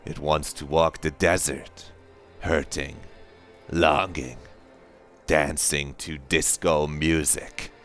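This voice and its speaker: A man voicing a slow, hushed, brooding primal inner voice as he reads a game's narration aloud. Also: very deep voice, steady tone, faint music behind, full character voice. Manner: slow, hushed, solemn reading.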